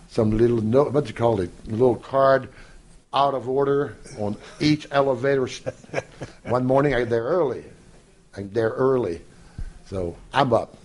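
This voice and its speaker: Older man, podcast guest, animated storyteller, puts on quoted voices, frequent laughter. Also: mid-range voice. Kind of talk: anecdotal storytelling.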